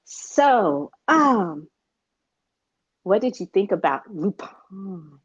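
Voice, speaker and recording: A woman's voice: mid-range voice, big pitch swings, drawn-out words, breathy edge, dry recording. An American woman co-hosting a podcast in a casual, rambling chat, with many fillers. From United States. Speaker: podcast co-host. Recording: dull, dry lo-fi sound.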